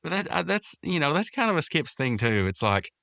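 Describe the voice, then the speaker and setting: A man's voice: on the high side, very animated, a little fast, vocal fry, a bit bright, no echo, clean studio sound. A man hosting a podcast, casually recapping a cartoon episode, rambling with lots of fillers and restarts. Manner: rambling, full of fillers and restarts, quotes characters in raised voices.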